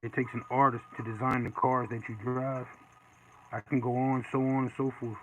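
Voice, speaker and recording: A man casually chatting while he draws live, reading and answering viewer comments in a relaxed way. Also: mid-range voice, moderate pace. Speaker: artist streaming live. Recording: dull lo-fi with faint noise.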